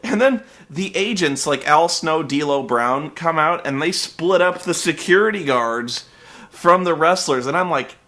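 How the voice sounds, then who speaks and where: A man with a somewhat high, tense, bright voice hosts a comedic review. He rants through a recap with sarcasm and plenty of swearing. He rambles on fillers and grows openly exasperated. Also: expressive, a little slow. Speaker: host reviewing wrestling.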